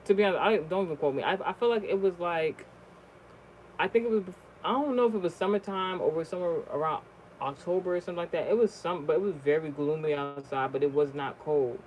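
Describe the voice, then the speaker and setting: A vlogger telling a personal story in a casual, rambling way, swearing often and restarting sentences, with the voice jumping high and loud at the shocking moments. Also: fast, highs cut off, a little hiss or hum. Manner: rambling, profane, many fillers and restarts.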